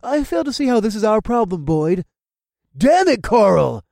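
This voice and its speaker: A man doing Boyd, a booming, hot-tempered older man. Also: big pitch swings, fairly quick, dry recording, studio quality. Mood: angry. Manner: shouting, forceful.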